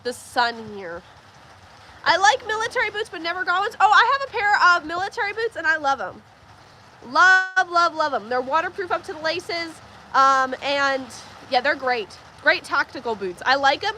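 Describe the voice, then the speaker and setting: A young woman hosting a casual farm livestream, chatty and quick to laugh as she reads viewer comments aloud. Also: extremely high pitch, sharp tone, slight background noise. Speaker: livestream host. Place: farm barn with rain outside. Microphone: phone livestream.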